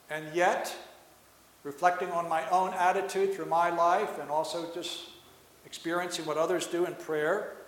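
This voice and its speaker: A man with a high, slightly bright voice preaches an earnest sermon, asking rhetorical questions and building toward emphatic points. The recording carries echoey hall reverb.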